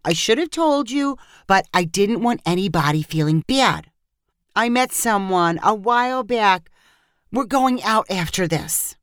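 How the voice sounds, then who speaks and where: A woman voicing a remorseful young woman apologizing to her friend, raising her pitch for the part. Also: expressive, measured pace, no room sound, studio quality, close to an everyday voice. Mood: guilty.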